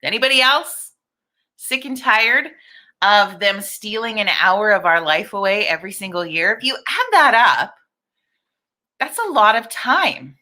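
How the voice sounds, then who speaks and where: A woman's voice: medium pitch, animated, measured pace, bright, forceful tone. A middle-aged woman hosting a casual live-stream chat, talking candidly, swearing freely and greeting viewers by name. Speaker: livestream host.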